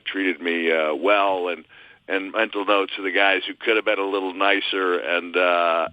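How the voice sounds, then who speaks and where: A man's voice: low voice, dry recording, highs cut off. A man as a podcast guest, talking earnestly and reflectively, with lots of "you know" and "uh". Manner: earnest, reflective, many fillers. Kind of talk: casual interview chat.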